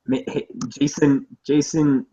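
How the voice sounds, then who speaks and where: A young man co-hosting a casual movie podcast, rambling, profane and excitable. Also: fairly high pitch, takes it slowly, gravelly, lo-fi sound, a little hiss or hum. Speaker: podcast co-host.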